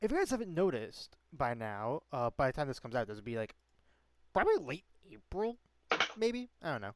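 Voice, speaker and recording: A man's voice: medium pitch, sing-song, brisk, dry recording. A man hosting a casual stream chat as game master, rambling with many fillers and restarts.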